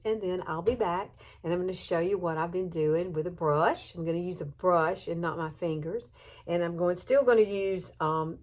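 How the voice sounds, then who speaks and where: A tired woman, chatting softly and at times haltingly through a makeup tutorial at home. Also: fairly low pitch. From southern United States. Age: 50s. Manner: soft-spoken, hesitant, emotional at times. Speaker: beauty vlogger. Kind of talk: casual makeup tutorial chat.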